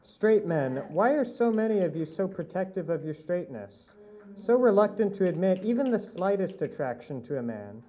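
A man performing spoken word poetry on stage in a wry, mocking, expressive way. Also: high-pitched, moderate pace. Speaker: slam poet. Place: live poetry event on stage.

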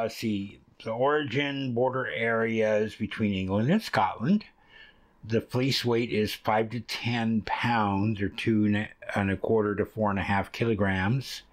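A man hosting a casual hands-on fiber arts tutorial, rambling along with plenty of ums and uhs as he reads and handles wool. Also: on the low side. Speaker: fiber arts channel host.

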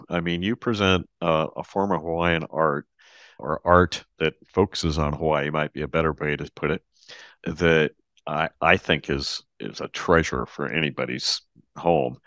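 A man hosting a podcast interview, friendly and halting, with many restarts. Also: low voice, a bit bright, no room sound, studio quality. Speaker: podcast host. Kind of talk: casual interview chat.

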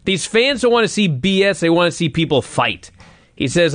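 A man co-hosting a casual wrestling recap podcast, excitable and profane, often laughing. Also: sits high, normal speed, dry recording. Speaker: podcast co-host.

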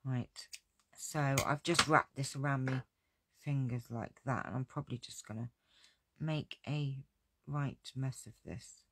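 Chatty woman with a gravelly voice. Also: a bass voice, a little slow, fairly bright tone, slight background noise. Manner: chatty, self-deprecating, laughs often. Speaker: crafting video host. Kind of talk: casual live crafting chat with viewers.

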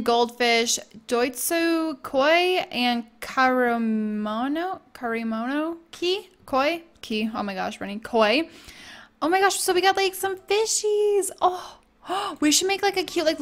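A woman's voice: high-pitched, unhurried, fairly bright tone. A young woman giving casual, bubbly let's-play commentary, gushing and chatting with her viewers and characters. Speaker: gaming YouTuber.

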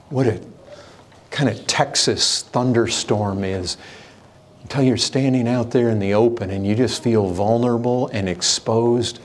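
A man preaching a sermon as pastor, impassioned, swinging from raised intensity to low hushed warnings. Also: unhurried, slight background noise.

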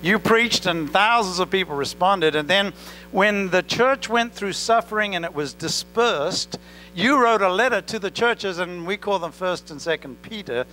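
A man's voice: high-pitched, lively intonation, normal speed, pushed and bright, poor audio. A male pastor preaching an earnest sermon, telling a story with rising and falling emphasis. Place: church. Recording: church recording with electrical hum.

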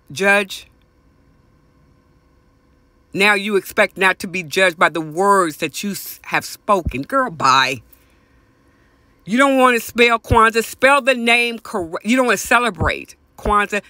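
Fiery high-voiced man ranting. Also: expressive, slow, sharp tone, no echo. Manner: profane, passionate, repeats phrases for emphasis; swings from high exclamations to low mutters. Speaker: podcast host. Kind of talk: ranting opinion monologue.

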